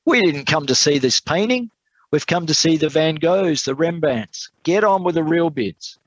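A man's voice: a little high, lively intonation, moderate pace, dry recording, muffled recording, pitched above the performer's own voice. A man playing an angry, impatient buyer. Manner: loud and impatient.

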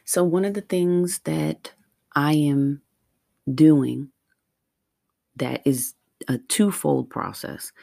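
A woman in her forties talking earnestly and slowly in a heartfelt personal monologue. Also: sits low, steady tone, creaky, warm tone, dry recording. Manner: earnest, heartfelt, slow and deliberate. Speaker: vlogger.

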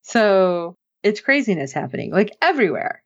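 Woman podcast co-host, lively and expressive, slightly dull lo-fi sound. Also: moderate pace, vocal fry. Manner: animated, acts out characters' lines with big pitch jumps. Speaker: podcast co-host recapping an episode. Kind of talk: casual chat.

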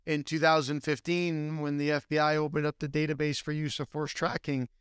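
A man hosting a podcast interview, asking questions with halting restarts. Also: a little high, flat delivery, a bit bright, clear, resonant tone, dry recording, studio quality. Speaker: podcast host, attorney.

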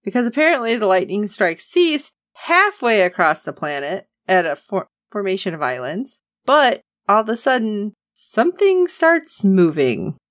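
A woman co-hosting a casual chat, recapping an episode and acting out the characters' lines with lively reactions. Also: medium pitch, normal speed, few pauses, no room sound, studio quality. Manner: animated, acts out characters' lines. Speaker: podcast co-host recapping a TV episode.

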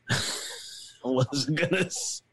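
A man's voice: on the high side, drawn-out words, slightly rough. A man joking around while commenting on a video game with a friend. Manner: joking, reacting loudly, slips into silly voices. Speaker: gameplay commentator. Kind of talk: casual gameplay commentary.

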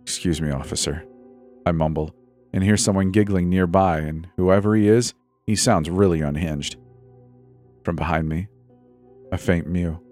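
A man's voice: deep voice, moderate pace, pauses often, darkish tone. A man telling a first-person horror story in a tense, breathless, dramatic way. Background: faint music.

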